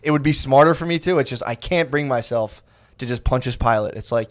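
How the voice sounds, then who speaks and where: A man's voice: medium pitch, brisk. An American man co-hosting a podcast, talking in a rambling, self-mocking way with many restarts. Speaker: podcast co-host. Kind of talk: casual podcast banter.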